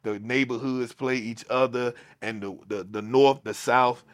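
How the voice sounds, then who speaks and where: A man's voice: medium pitch, a little slow. A man, a podcast guest, telling a personal story in casual conversation, with frequent restarts and repeated phrases in African American Vernacular English. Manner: animated, repeats himself, restarts sentences.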